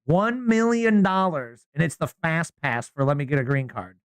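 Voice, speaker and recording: A man co-hosting a podcast, chatting casually in slangy, animated storytelling. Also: a little high, moderate pace, smooth, no room sound. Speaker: podcast co-host.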